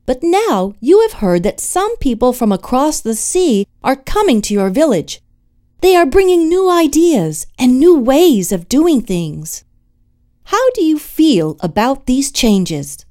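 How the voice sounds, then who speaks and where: A woman reading a textbook scenario aloud in a gentle, inviting storytelling manner. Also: sits high, very animated, slow pace. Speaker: textbook narrator. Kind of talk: scripted second-person reading.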